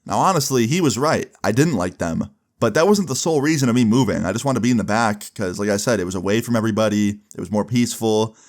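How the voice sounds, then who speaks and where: A young man casually telling a story, with a relaxed, loose delivery full of fillers and some swearing. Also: lowish voice, fast. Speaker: storyteller vlogger.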